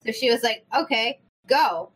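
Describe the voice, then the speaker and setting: A young woman telling a story in casual chat, animated, swearing freely and acting out the people in it. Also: a little high, normal speed, breathy edge, poor audio. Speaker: podcast host.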